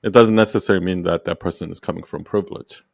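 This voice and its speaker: Man, podcast host, very low voice, gravelly, dry, probing questions. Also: steady tone, fast, no echo. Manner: probing, restarts questions, asks if understood. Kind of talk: casual coaching conversation.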